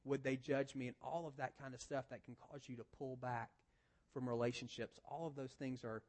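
A man preaching a sermon in a conversational way, restarting phrases and moving between quiet, low asides and louder, emphatic points. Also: steady tone, fairly quick. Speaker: pastor.

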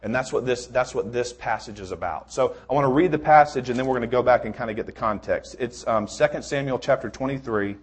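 A man's voice: medium pitch, fast, few pauses, husky. Easygoing male preacher, chatty and rambling, restarts often, jokes before scripture. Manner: informal, rambling, many restarts, joking. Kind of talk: sermon.

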